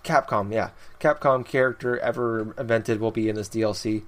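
A man's voice: mid-range voice, steady tone, moderate pace. A young man hosting a casual gaming podcast, rambling through his notes with frequent laughs. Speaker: podcast host.

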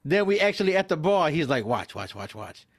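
A man's voice: a little high, sing-song, brisk. A man co-hosting a casual podcast chat, telling stories with a laugh and repeating phrases.

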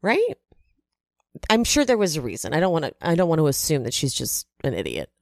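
A woman hosting a casual reality TV recap, chatty with animated asides. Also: sits low, a little fast, gravelly, no room sound, studio quality. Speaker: recap podcast host.

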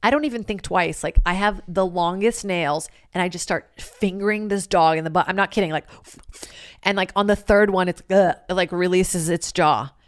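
A woman's voice: lowish voice, normal speed, clear, resonant tone, dry recording, clean studio sound. Chatty, profane woman podcast host. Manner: animated, profane, filler-heavy with lots of "like". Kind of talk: casual comedic storytelling.

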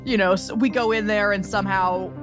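A woman's voice: medium pitch, steady tone, brisk, over music. A woman playing a tabletop game, chatting casually, hesitant and swearing freely. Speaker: player. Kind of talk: casual play chat.

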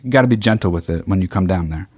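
A man's voice: low-pitched, quick pace, slightly rough, no echo. A man hosting a podcast in a rambling, sarcastic comedic monologue, swearing constantly. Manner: sings mock-solemn snatches of songs. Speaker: podcast host.

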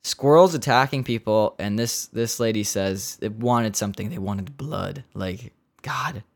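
Here a solo podcast host with a fairly low voice talks at a moderate pace. He meanders through jokes, swears, and cracks himself up with his asides.

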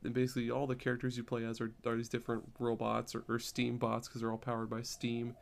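A man's voice: mid-range voice, monotone, fast talker, creaky. A man chatting casually on a podcast, rambling and repeating words as he explains. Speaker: podcast co-host.

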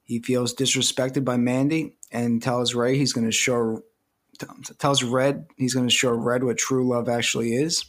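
A man co-hosting a podcast, explaining and summarizing in a steady way. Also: medium pitch, moderate pace. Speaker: podcast co-host. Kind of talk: casual podcast discussion and summary.

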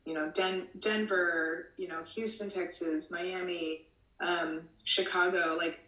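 A woman from the United States, a model somewhere in her late twenties or thirties, talks loosely with many "you know"s and restarts. Her voice sits a bit low and bright, and she sounds distant from the mic in a roomy, echoing space. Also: fairly even intonation, slow pace. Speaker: model, interview guest. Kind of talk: casual interview answers.

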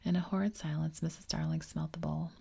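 Whispered story reader, woman, husky low voice, flat delivery. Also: a little fast. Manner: whispered throughout.

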